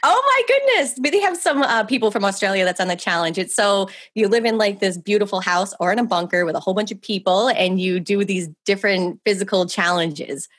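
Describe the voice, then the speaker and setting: Host: bubbly Boston-accented woman, slightly husky voice, dry close sound. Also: mid-range voice, animated, brisk, few pauses, fairly bright tone, dry recording. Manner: bubbly, laughs often. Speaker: podcast host. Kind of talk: casual interview chat.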